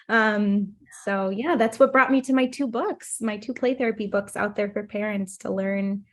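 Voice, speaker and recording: A woman's voice: medium pitch, a little slow. A woman in her thirties, a play therapist, telling a personal story in a podcast interview, acting out the voices she quotes. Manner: animated storytelling, acts out quotes.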